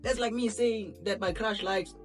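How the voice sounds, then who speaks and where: A man's voice: high-pitched, moderate pace, faint music behind. A young man casually reacting to a video, rambling in slang and talking to his chat. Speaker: reaction streamer.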